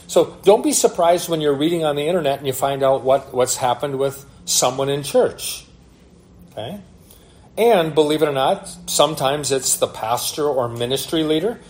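Male pastor, voice on the higher side, teaching-style sermon that stops often to ask rhetorical questions. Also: a little mellow. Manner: reads scripture aloud and explains it.

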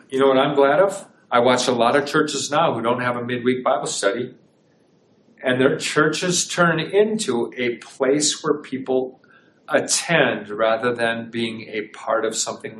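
A man's voice: mid-range voice, a little hiss or hum. Guy preaching to his little church, chatty, keeps asking questions, echoey and a bit far off mic. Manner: conversational preaching with rhetorical questions. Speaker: pastor. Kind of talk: sermon. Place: small church. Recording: echoey room, voice from a distance.

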